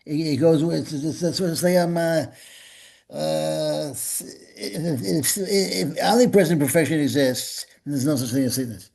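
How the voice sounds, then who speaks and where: A man's voice: on the high side, normal speed, vocal fry, darkish tone. A man leading a spiritual gathering and giving an informal, rambling sermon, often repeating words and slipping in jokes.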